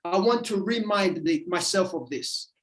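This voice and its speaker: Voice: medium pitch, unhurried, fairly bright tone. A motivational speaker giving a livestream talk, emphatic and repetitive in a preacherly way. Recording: roomy echo.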